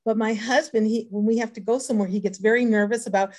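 A woman's voice: a little high, steady tone, fast talker, darkish tone. An older retired woman sharing her daily habits in a recovery group, in an earnest, reflective way with lots of hesitant fillers. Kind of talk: personal sharing talk.

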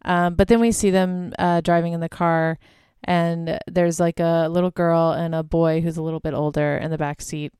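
Young woman, podcast host, chatty recap, lots of fillers, lowish voice, smooth, dry close sound. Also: flat delivery, moderate pace, mellow, no room sound. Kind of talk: casual movie recap.

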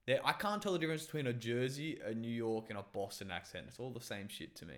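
A young Australian man rambling through a casual chat with a mid-pitched voice. He swears freely and keeps it loose and unpolished. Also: fast talker, few pauses, a bit bright.

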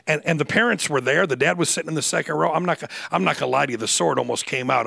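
A middle-aged man preaching a sermon, his voice heavily gravelly and bright-edged. He moves from easy, conversational storytelling to loud, emphatic outbursts. The sound is dry and close. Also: fairly high pitch, quick pace, hardly any pauses, no echo. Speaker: pastor.

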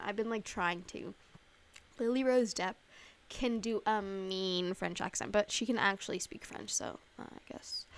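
A woman's voice: medium pitch, a bit bright. A young woman hosting a casual solo podcast, rambling with lots of fillers, swearing and laughing at herself. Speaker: podcast host.

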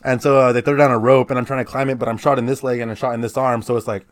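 A man's voice: mid-range voice, little pitch movement, racing, no echo, studio quality. Laid-back man telling war stories. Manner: laid-back, profane, laughs while telling grim stories. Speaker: guest, former army medic. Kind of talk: casual podcast storytelling.

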